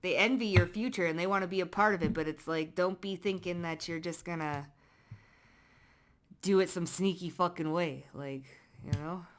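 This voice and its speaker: A woman's voice: on the low side, moderate pace. Blunt, profane woman tarot reader. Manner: blunt, profane, emphatic, slangy; swings between loud bursts and muttered asides. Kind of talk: casual tarot reading monologue.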